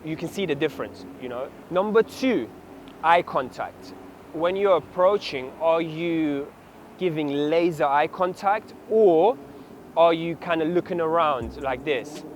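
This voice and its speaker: A man giving dating advice straight to camera, animated and instructive, acting out short examples as he goes. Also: fairly high pitch, unhurried, slight background noise. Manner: animated, demonstrates approaches in acted voices. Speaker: dating coach. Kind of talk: direct-to-camera coaching talk.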